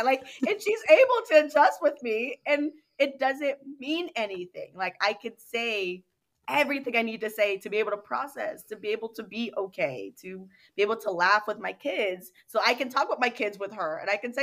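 A woman's voice: on the high side, lively intonation, brisk, fairly bright tone. A young adult woman, a dance company owner and interview guest, telling stories animatedly, acting out quotes and laughing often. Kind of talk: casual interview chat.

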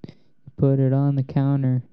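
A man's voice: medium pitch, completely flat delivery, normal speed, smooth. A man co-hosting a comedy podcast, riffing with goofy, playful banter. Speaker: podcast co-host. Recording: dull lo-fi recording.

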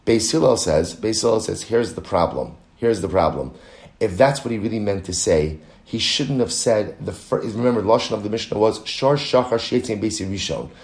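Low-voiced man teaching Talmud, echoey room. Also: moderate pace, darkish tone. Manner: explanatory, restarts often, reads Aramaic and Hebrew text aloud. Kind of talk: Talmud study lecture.

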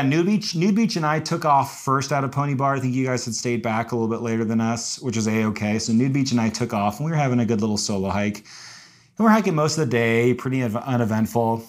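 A young man with a medium-pitched voice chats through a long story. He is lively and animated and pops up into high, sheepish tones when he quotes himself apologizing. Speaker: podcast co-host recounting a hike. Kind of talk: casual storytelling chat.

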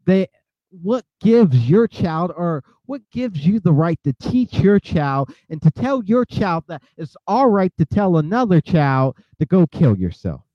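A man's voice: high voice, very animated, unhurried, dry recording, lo-fi sound. A male host giving impassioned, angry commentary, preaching at his listeners with many filler uhs and restarts. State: outraged.

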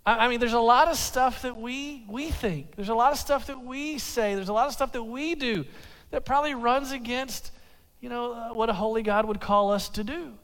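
A man preaching a sermon as pastor, telling a personal story with animated, stammering restarts, in a church. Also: very high voice, moderate pace, clear, resonant tone. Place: church sanctuary. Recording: long hall reverb.

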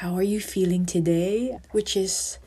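A woman's voice: mid-range voice, fairly even intonation, measured pace, warm tone, slightly rough. A woman from the Philippines, hosting a podcast as a psychotherapist in a conversational, therapist-like manner. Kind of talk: podcast monologue.

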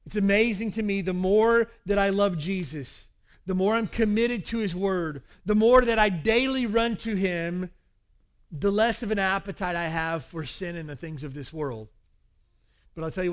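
A man preaching a sermon to his congregation, candid and conversational, weaving in personal stories. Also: a little high. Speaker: pastor. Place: church service.

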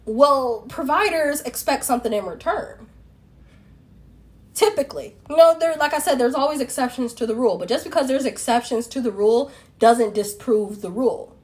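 Woman, fairly high voice, blunt opinion monologue, lots of rhetorical questions. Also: moderate pace, darkish tone. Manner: opinionated, rhetorical questions, addresses listeners as ma'am. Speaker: relationship commentator. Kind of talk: casual opinion monologue to camera.

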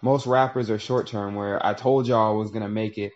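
A man's voice: on the low side, fairly even intonation, darkish tone. Reflective man musing, lo-fi sound. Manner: reflective, profane, drawn-out storytelling with voiced asides. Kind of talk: casual monologue.

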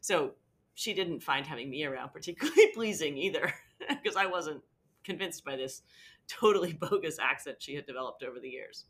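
A woman's voice: deep voice, a little fast. A middle-aged American woman and teacher telling an amused story in an interview. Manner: lively, amused anecdote-telling.

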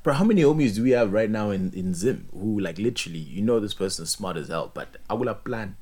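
A young man, chatting casually, animated and joking, full of slang and repeated words. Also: lowish voice, fast talker. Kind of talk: casual chat.

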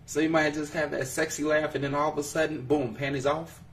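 A man's voice: a little high, flat delivery, brisk, far from the mic, slight background noise. A man hosting a podcast in casual chat, joking and laughing often as he teases his co-hosts. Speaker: podcast host.

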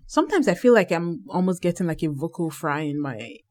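A young woman co-hosts a casual podcast with a lively, playful delivery. She pushes some phrases out with emphasis. Her voice is a touch low. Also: brisk. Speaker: podcast co-host.

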